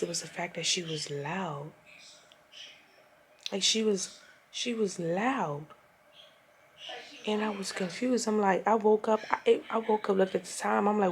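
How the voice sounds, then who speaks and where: Exasperated young woman with a gravelly voice. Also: medium pitch, normal speed, slight background noise. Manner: exasperated, profane, animated retelling. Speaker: vlogger. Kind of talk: casual storytime rant.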